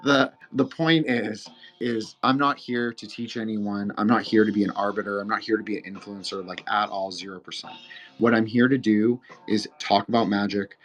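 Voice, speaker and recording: A man's voice: lowish voice, steady tone, moderate pace, fairly bright tone, soft background music. A man hosting a casual roundtable podcast, rambling, earnest and emotional, with frequent profanity. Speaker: podcast host and moderator.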